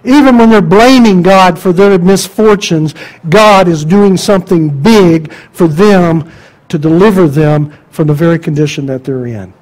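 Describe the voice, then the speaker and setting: A man preaching a sermon, emphatic and conversational, asking the congregation rhetorical questions and dropping to quiet asides. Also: sits high, a little slow, poor audio.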